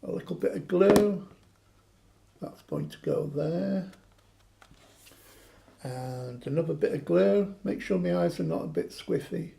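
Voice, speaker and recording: A man's voice: high voice, animated, unhurried, vocal fry, pauses often, warm tone, a little hiss or hum. A man chatting through a craft demonstration, joking and poking fun at himself. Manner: joking, self-mocking banter.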